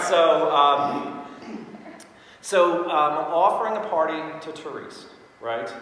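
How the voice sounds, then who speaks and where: A man giving a live sales training to an audience, chatty and quick to laugh, full of anecdotes. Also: a little high. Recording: echoey hall recorded from far off.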